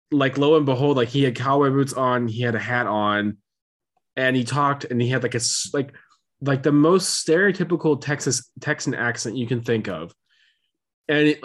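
A man's voice: mid-range voice, a bit bright. A man from Missouri co-hosting a podcast, telling stories in a rambling casual chat with frequent restarts. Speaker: podcast co-host.

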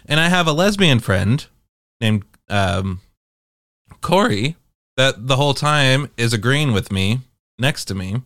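A young adult man telling a casual, profane storytime monologue to viewers in an animated way. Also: mid-range voice, unhurried, long pauses, dry recording, clean studio sound. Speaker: vlogger.

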